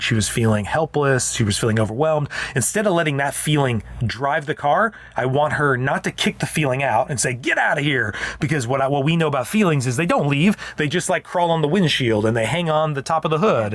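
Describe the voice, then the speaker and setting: A man's voice: medium pitch, animated, fairly quick, hardly any pauses, fairly bright tone, no echo. A man co-hosting a parenting podcast as a counselor, explaining earnestly in casual chat and often restarting his sentences.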